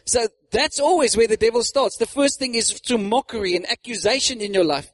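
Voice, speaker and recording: A man preaching a sermon, animated, acting out mocking voices and laughing often. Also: very high voice, fairly quick, hardly any pauses, no echo.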